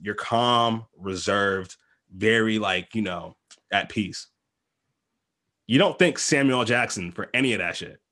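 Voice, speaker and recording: A man in casual, profane banter with friends, prone to loud laughing outbursts. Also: on the low side, unhurried. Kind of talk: casual chat.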